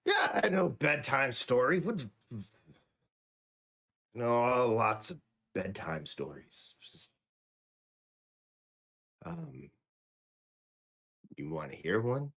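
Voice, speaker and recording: Rambling man telling a lively bedtime story. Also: medium pitch, vocal fry. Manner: halting, rambling, full of fillers. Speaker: player.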